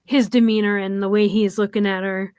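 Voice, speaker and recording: A woman's voice: mid-range voice, little pitch movement, fairly quick, darkish tone, clear, resonant tone, no echo. A woman co-hosting a show, casually retelling a TV episode scene by scene with frequent ums and quoted dialogue. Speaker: podcast co-host. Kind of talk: casual chat recapping a TV episode.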